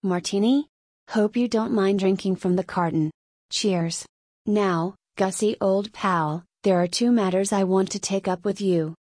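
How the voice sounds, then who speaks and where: A woman's voice: medium pitch, a little mellow, no room sound, close to an everyday voice. Woman narrator doing a tired, fussy older-middle-aged man; dry read. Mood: brisk. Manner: tired and yawning, then briskly cheerful.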